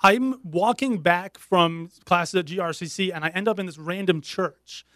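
A middle-aged man talks openly as an interview guest, his voice pitched a little high. He speaks earnestly and haltingly, often restarting a thought mid-sentence. The sound is dry and close, with no room echo. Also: a bit bright. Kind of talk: candid interview conversation.

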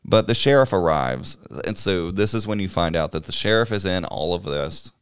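A man's voice: low-pitched, animated, moderate pace, clear, resonant tone, no room sound, clean studio sound. A man chatting casually, recapping a movie at a meandering pace, swearing and chuckling as he goes. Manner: rambling and swears freely, chuckling while recapping.

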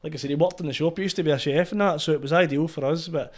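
A man's voice: fairly high pitch, racing, a little mellow. A Scottish man from Falkirk, a DJ guest telling stories in casual, sweary podcast chat. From Falkirk, Scotland. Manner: sweary, laughing storyteller.

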